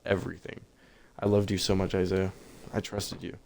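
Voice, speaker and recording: A man reading aloud the lines of a desperate, lovesick teenage girl from a game, in a plain, flat voice. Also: sits low, normal speed, gravelly, a little hiss or hum. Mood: anguished, accusing.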